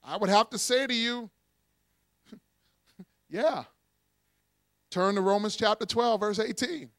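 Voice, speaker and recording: A high-pitched pastor preaches slowly, leading the congregation to repeat after him in call-and-response and telling animated stories punctuated with laughs. The recording is dry, with clean studio sound.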